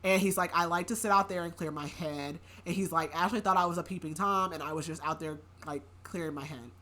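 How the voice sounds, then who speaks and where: Woman podcast host, somewhat low voice, loose and chatty with lots of fillers, casual recap read. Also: brisk, bright, forceful tone. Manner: rambling, heavy use of filler words.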